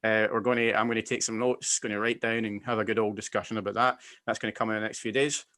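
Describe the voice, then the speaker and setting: A Scottish man hosting a casual film chat, giving emphatic, animated opinions. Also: on the low side, quick pace. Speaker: podcast host.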